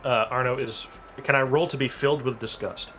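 A man's voice: medium pitch, fairly even intonation, brisk, a bit bright, soft background music. Man playing a tabletop game. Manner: wry, describes his character's actions. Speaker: player. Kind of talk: casual tabletop game play.

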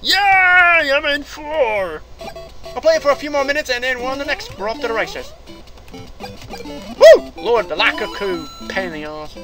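A gaming commentator talking casually through retro games, excitable, yelping, laughing and cursing mildly at each mistake. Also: high voice, normal speed. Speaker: gameplay commentator. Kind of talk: casual let's-play commentary. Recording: game music playing behind.

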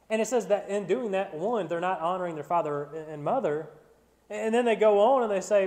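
Man preaching a Bible study, pitched high, earnest and emphatic, in a big echoing sanctuary. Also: lively intonation, darkish tone. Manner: reads scripture slowly, then preaches with rising emphasis; repeats words when restarting. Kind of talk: sermon. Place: church sanctuary. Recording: church sanctuary with long reverb.

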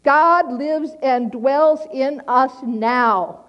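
A middle-aged woman preaches a sermon plainly and earnestly, slowly repeating key lines for emphasis. Her voice is high-pitched, and the recording's highs are cut off.

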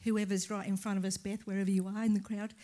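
Animated Australian woman pastor storytelling. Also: medium pitch, fast talker. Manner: animated storyteller, acts out dialogue, laughs often. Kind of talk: live church testimony storytelling.

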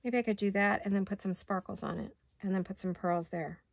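A woman's voice: medium pitch, fairly even intonation, brisk, gravelly, dry recording. A woman hosting a home crafting video, chatting casually and talking to herself as she works, with hiccups. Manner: chatty, talks to herself while working. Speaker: crafting channel host.

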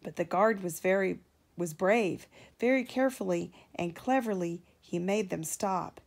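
A woman doing slow, gentle storybook reading. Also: fairly low pitch, creaky. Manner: slow and expressive, raising her voice for characters. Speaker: parent reading aloud. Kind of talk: storybook read-aloud with character voices.

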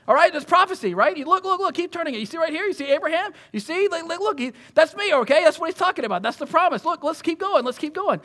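A man acting out Jesus as an adult man, eagerly walking his disciples through the scriptures in a high, pressing voice. He talks with insistent urgency and keeps repeating himself to drive the point home during a sermon. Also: expressive, fast talker, hardly any pauses, bright, forceful tone, exaggerated voice.

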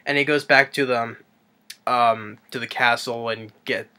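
A man's voice: medium pitch, fairly even intonation, a little slow, bright, forceful tone, smooth. A man casually recapping a movie in a rambling way, with lots of ums and restarts. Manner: rambling, with many fillers and restarts. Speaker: movie reviewer.

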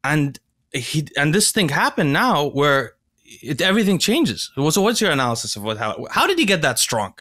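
A man with a slightly high voice hosts a casual conversation. He talks in an excitable way and turns often to address his audience. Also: moderate pace. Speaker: podcast host.

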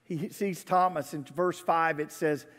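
A pastor delivers a conversational sermon in a high, light voice. He talks with his congregation and asks them questions. A long reverb trails his words from a church livestream. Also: fairly even intonation, unhurried, fairly bright tone. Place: church sanctuary.

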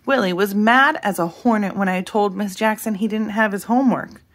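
A woman putting on an earnest little storybook girl who pleads her case in a sincere, sometimes lifted voice. The tone stays mild, middle-pitched and unfussy. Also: normal speed, lightly acted. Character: Libby, a young girl, earnest and candid.

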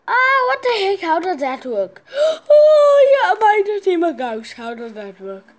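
A woman giving casual gameplay commentary, excitable, gasping and squealing at the game, with playful sing-song chanting. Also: very high-pitched, measured pace.

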